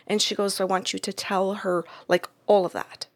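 A woman's voice: mid-range voice, normal speed, hardly any pauses. Chatty woman telling a story. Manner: animated, acts out quoted voices, laughs often. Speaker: medium telling a client story. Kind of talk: casual storytelling chat.

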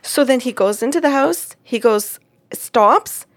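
A psychic medium recounts a client session in casual conversation, lively and expressive, acting out what people said with big leaps in pitch. She speaks unhurriedly on a dry recording.

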